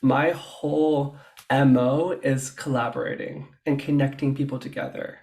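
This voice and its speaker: A man being interviewed about his work as a stylist, telling his story in a chatty, animated way. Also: medium pitch, moderate pace, gravelly. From Canada. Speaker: guest, fashion stylist. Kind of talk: casual interview chat.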